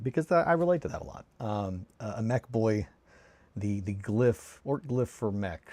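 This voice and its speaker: A man with a fairly low voice chats casually while he builds models. He rambles, swears freely and restarts sentences. He sits right on a close mic in a dry, dead room. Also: darkish tone, no room sound. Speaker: hobby streamer. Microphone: close desk mic.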